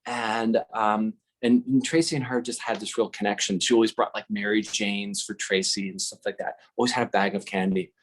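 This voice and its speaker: A man's voice: lowish voice, fairly even intonation, normal speed, hardly any pauses, a little hiss or hum. A middle-aged man telling a casual, rambling story with many fillers and self-corrections, host of a live talk stream.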